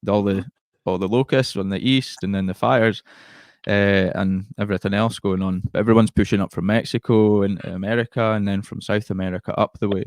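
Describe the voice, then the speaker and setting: A man's voice: fairly low pitch, steady tone, fairly quick, no room sound. A man with a Scottish accent hosting a podcast, asking questions and musing aloud in casual interview chat. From Scotland. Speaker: podcast host.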